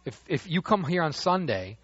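Husky-voiced pastor preaching a sermon. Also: male voice, a little high, moderate pace, no echo. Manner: animated, swings from hushed to loud when quoting the father. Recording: dull dry lo-fi sound.

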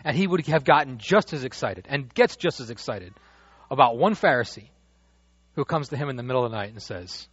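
A man preaching a sermon as pastor, animated, dropping to a hush and rising loud as he acts out the father's words. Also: mid-range voice, a little fast, slightly rough, no room sound. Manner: animated, swings from hushed to loud when quoting the father. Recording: dull dry lo-fi sound.

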